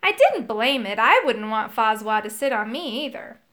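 Give me a woman narrating a storybook with a high, lively voice. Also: normal speed. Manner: animated, voices characters. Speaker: storybook reader. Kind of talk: expressive read-aloud narration.

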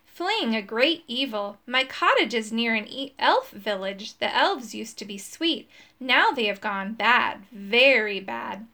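A woman's voice: a little high, expressive, takes it slowly, bright, forceful tone, full character voice. A woman reading a storybook and voicing a frightened old woman who is fleeing an evil. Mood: fearful.

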